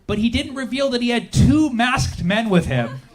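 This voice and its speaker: High-voiced sarcastic stand-up comedian man. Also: very animated, moderate pace. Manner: sarcastic, acts out quoted voices.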